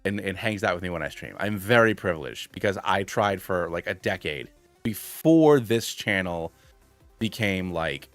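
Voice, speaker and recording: A man's voice: low voice, animated, normal speed, no room sound, soft background music. A man in his thirties chatting casually on a live stream, rambling with lots of fillers and self-deprecating asides. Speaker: gaming streamer.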